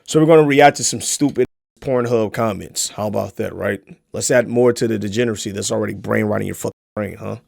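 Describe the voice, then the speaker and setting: A young man streaming a casual reaction video, profane and mocking, swinging into shouts. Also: lowish voice, fairly quick, gravelly, dry recording, studio quality.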